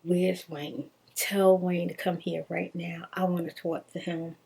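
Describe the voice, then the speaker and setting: A woman's voice: lowish voice, little pitch movement, a little slow, creaky, darkish tone, breathy edge, full character voice. A woman voicing a feisty, demanding wife who insists on answers, as part of a story she tells.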